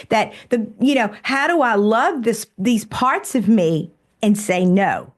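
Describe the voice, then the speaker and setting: Female coach, mid-pitched, affirming, acts out inner voices. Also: lively intonation, moderate pace, hardly any pauses. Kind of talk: live coaching session.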